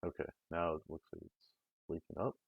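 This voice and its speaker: A man's voice: a bass voice, little pitch movement, a little fast, husky, no room sound. A man streaming a programming lesson, thinking aloud in a rambling, casual way with many fillers. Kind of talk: casual live-coding walkthrough. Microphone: desk mic, close. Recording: dull, dry close-mic sound.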